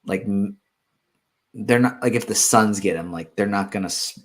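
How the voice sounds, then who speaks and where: A man with a deep, low voice, a fantasy basketball analyst, answers viewer questions in a loose, unscripted live Q&A. He thinks aloud, filling pauses with ums and correcting and restarting his sentences.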